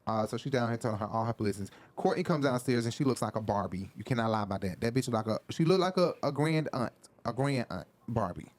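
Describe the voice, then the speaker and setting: A man's voice: mid-range voice, animated, fast, few pauses, a little mellow. A man casually recapping a reality show episode, chatty and profane, with laughing asides.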